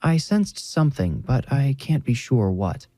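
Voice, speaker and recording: A man's voice: mid-range voice, big pitch swings, unhurried, dark tone, no echo, voice pushed up. A man voicing a formal, slightly condescending woman ghost hunter in a horror story. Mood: prim. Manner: prim, formal, a bit condescending.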